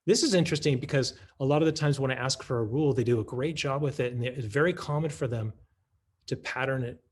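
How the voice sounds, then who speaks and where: A man's voice: medium pitch, fast talker, slightly rough. A man giving a conference talk that models a math lesson, in a teacherly way, thinking aloud with restarts and rhetorical questions. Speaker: math curriculum presenter.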